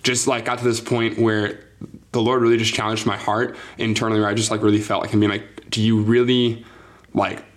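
A man's voice: lowish voice, monotone, fast talker. A young man who is a youth pastor, telling his story in an interview, earnest and full of ums and likes. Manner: earnest, filler-heavy, says like and um often.

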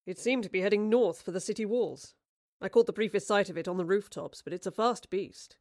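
A woman's voice: medium pitch, brisk, darkish tone, no room sound, clean studio sound, close to an everyday voice. A woman reading the part of a charming, roguish male poet and spy in an audiobook, with a wry, theatrical manner.

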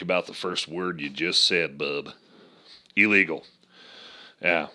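A man's voice: lowish voice, steady tone, normal speed, sharp tone. A man ranting casually and crudely about politics, swearing often, joking, and slipping into voices. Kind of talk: casual profane political rant.

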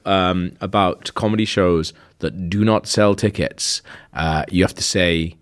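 A man co-hosting a comedy podcast, joking and bantering with quick asides. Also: low-pitched, fairly even intonation. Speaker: podcast co-host.

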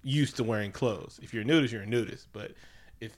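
A man's voice: lowish voice, fairly quick. A man co-hosting a casual movie review chat, profane and joking, acting out scenes in silly voices. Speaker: podcast co-host.

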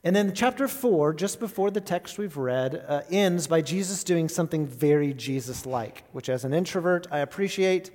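Man, pastor, conversational sermon, rhetorical questions, slightly high voice, long church-hall reverb. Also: expressive, normal speed, hardly any pauses, a little mellow.

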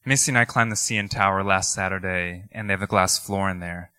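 Slightly fast and low-pitched, with a clear, resonant tone, a pastor preaches a sermon full of personal stories, animated and conversational, laughing and using many filler words. The sound is clean studio audio with no echo.

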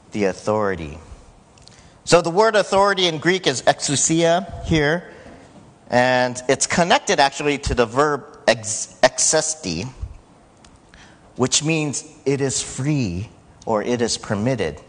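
Man, pastor, sermon, unhurried, lingering church reverb. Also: medium pitch, big pitch swings. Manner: conversational preaching, rising to shouts when quoting. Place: church sanctuary.

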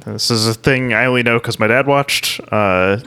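Smooth-voiced joking male co-host. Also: mid-range voice, normal speed, pushed and bright. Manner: dry, jokey asides. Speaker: podcast co-host. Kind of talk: casual chat.

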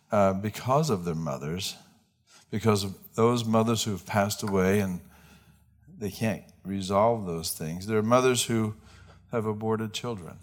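A man preaching a sermon as pastor, talking conversationally, restarting phrases and putting questions to the congregation. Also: lowish voice. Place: church.

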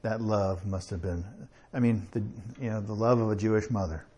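A man preaching a sermon in a conversational way, with chuckles and slow emphatic pauses. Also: fairly low pitch, fairly even intonation, warm tone, breathy edge.

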